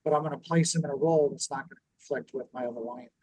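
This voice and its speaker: A man's voice: mid-range voice, fairly even intonation, very fast, a little mellow, breathy edge, no echo, rough recording. A middle-aged man co-hosting a scripture-and-business chat, telling stories and acting out the lines people said, often repeating words as he restarts. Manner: storytelling, acts out quoted dialogue, repeats words when restarting. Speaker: podcast co-host and business owner.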